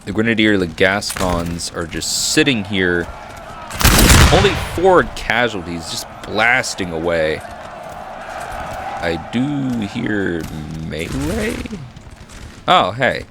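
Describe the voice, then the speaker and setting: A man giving casual, excitable commentary over a strategy game battle, reacting with frequent exclamations. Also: low voice. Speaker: gaming commentator. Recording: noisy with battle sounds behind. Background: gunfire and battle noise from the game.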